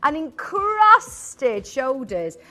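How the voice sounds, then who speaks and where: A young British woman presenting a live TV shopping show, gushing and chatty with quick asides. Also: high-pitched, very animated, sharp tone.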